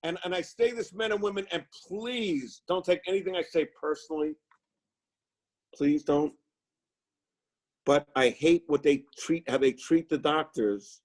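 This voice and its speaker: A man in his sixties delivers a fiery motivational talk to fellow chiropractors. His voice sits high for a man, and he drives each point home with repetition and preachy fervor. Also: unhurried, poor audio. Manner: fiery, preachy, repeats words for emphasis. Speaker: chiropractic coach; live show guest speaker. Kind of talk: impassioned motivational speech.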